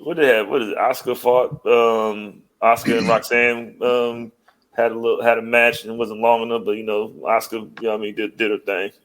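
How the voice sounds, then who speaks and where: A man's voice: medium pitch, level tone, fairly quick, a bit bright. A man co-hosting a podcast in casual chat, laughing often and trailing off with fillers. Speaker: podcast co-host.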